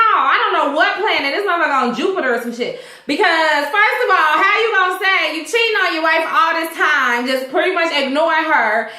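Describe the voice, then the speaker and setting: A young woman recapping a TV episode in a casual, profane, animated vlog, acting out the characters' lines as she goes. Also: extremely high pitch, reverberant. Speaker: TV show reviewer.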